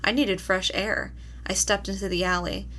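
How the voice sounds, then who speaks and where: A woman's voice: mid-range voice, steady tone, normal speed. A woman reading a novel aloud as an audiobook narrator, voicing the dialogue as she goes. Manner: reads dialogue with voiced characters, louder in tense scenes. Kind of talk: scripted narration.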